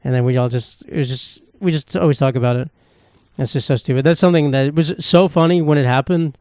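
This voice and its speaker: Young male podcast host, rapid rambling monologue, crude and self-deprecating, dry close sound. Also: medium pitch, darkish tone, no room sound. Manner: rambling, profane, self-mocking. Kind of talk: casual solo podcast monologue. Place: home room with knickknacks.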